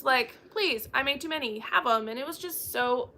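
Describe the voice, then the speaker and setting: Young woman, book chat host, bubbly storyteller, bright and slightly high. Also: lively intonation, moderate pace. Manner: bubbly storytelling, acts out quoted dialogue. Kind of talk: casual chat.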